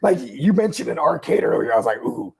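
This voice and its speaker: A man co-hosting a casual podcast, relaxed and slangy, often chiming in with short replies. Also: mid-range voice, quick pace, creaky, breathy edge. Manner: relaxed, backchannels a lot, slangy. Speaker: podcast co-host. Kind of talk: casual chat.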